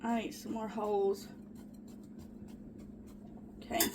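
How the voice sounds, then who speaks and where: Speaking slowly at a medium pitch against a noisy background, a woman bakes in her small home kitchen. This cooking vlogger chats to her viewers as "guys," excitable and casual throughout the demonstration.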